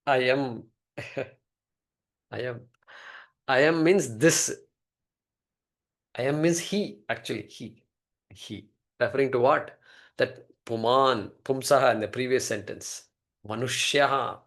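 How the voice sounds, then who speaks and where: A man's voice: medium pitch, slow pace, long pauses, fairly bright tone. Guy teaching scripture, goes word by word, lots of questions to the class. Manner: explains word by word, poses rhetorical questions. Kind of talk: classroom lecture on a Sanskrit text.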